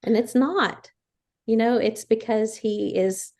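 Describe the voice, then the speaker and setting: A woman's voice: on the high side, slow, darkish tone. A woman in her fifties co-hosting a casual faith podcast, earnestly explaining her points one by one. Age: 50s. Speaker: podcast co-host.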